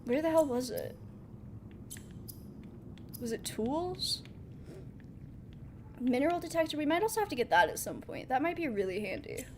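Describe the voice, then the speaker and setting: A woman's voice: high-pitched, big pitch swings, normal speed, long pauses, slight background noise. A woman streaming a game, chatting in a giggly, playful way as she plays. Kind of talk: casual gaming commentary.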